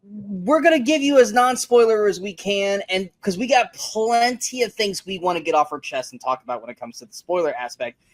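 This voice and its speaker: A man's voice: high voice, expressive, a little fast, hardly any pauses, dry recording. Man, podcast co-host, casual movie chat, emphatic, profane, dry recording.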